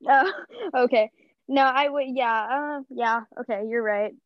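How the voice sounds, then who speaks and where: A woman's voice: high voice, measured pace, no echo. A young woman co-hosting a podcast, chatting casually and rambling with lots of fillers and self-mocking asides. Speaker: podcast co-host. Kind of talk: casual chat. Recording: muffled lo-fi podcast audio.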